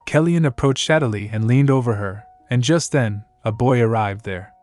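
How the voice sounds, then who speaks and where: Guy reading out a comic recap, flat even delivery, mid pitch, faint music under it. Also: moderate pace. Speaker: narrator. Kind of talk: scripted manhwa recap narration.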